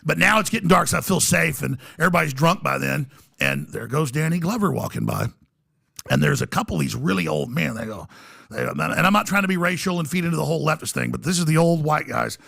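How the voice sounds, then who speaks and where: Casting note: a rambling studio guest with a very gravelly, bright voice. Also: male voice, fairly high pitch, expressive, quick pace. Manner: rambling, restarts, acts out voices. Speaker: podcast guest. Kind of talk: animated storytelling.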